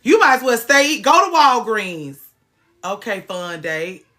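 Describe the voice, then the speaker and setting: A woman's voice: fairly high pitch, big pitch swings, a little slow, bright, forceful tone. A woman hosting a casual livestream, ranting with plenty of swearing and greeting viewers by name. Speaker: livestream host.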